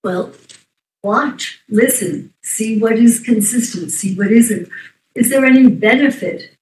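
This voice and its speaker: A woman giving expert testimony in a courtroom under cross-examination, halting and often trailing off mid-sentence. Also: on the high side, darkish tone, slight background noise. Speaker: expert witness. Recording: roomy, distant courtroom audio.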